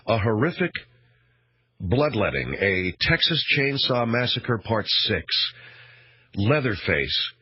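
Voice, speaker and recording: A man's voice: medium pitch, breathy edge, no echo. A man hosting a radio talk show, rambling through a sarcastic, mock-outraged monologue. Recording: dull, dry radio broadcast.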